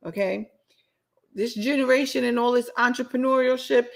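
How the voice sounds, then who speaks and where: A woman's voice: fairly high pitch, fairly even intonation, moderate pace, gravelly. A woman hosting her own podcast, ranting bluntly and sassily in a solo show while answering her live chat. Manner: blunt, sassy, repetitive ranting. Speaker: podcast host.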